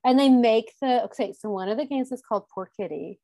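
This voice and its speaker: A woman in casual chat, recapping a television episode with a co-host in a lively, laughing way. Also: on the high side, a little fast. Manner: chatty, animated, laughs often.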